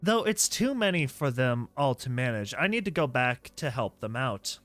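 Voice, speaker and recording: A man's voice: medium pitch, very animated, moderate pace, a bit bright, faint music behind, pitched below the performer's own voice. A man voicing a folksy, hardworking female farm pony in a comic dub, speaking apologetically. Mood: apologetic.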